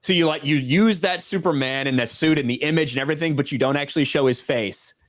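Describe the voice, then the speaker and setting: A man's voice: on the high side, quick pace, no room sound. A man co-hosting a casual video call chat, explaining things in a plain way. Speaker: podcast co-host.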